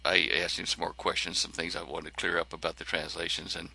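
A man telling a personal story in a lively way, acting out the lines of the people in it. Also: deep voice, fairly quick, creaky, slightly rough. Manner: animated, acts out other people's lines.

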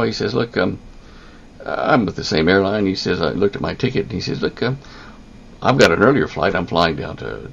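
An older man with a very deep, heavily gravelly voice, recounting a personal story in a halting way full of ums and restarts. The recording sounds somewhat dull and lo-fi, with a faint hiss of background noise. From United States. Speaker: interviewee.

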